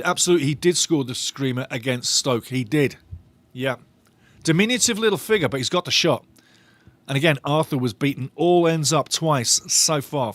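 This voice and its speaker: A man commentating live as a fan on a watch-along stream, his voice pitched a touch above the usual. He is animated, repeats his phrases and breaks into laughter, recorded close and dry with no room around him. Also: no room sound. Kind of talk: excited live match commentary.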